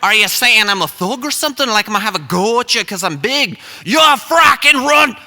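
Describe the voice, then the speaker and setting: A loud, foul-mouthed young Irish bruiser, as a male storyteller puts him on in a put-on Irish accent. The voice climbs high and hard-edged, jeering and shouting. It rings through a hall with a long tail of reverb. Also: expressive, a little fast, exaggerated voice. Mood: menacing. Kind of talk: live storytelling performance.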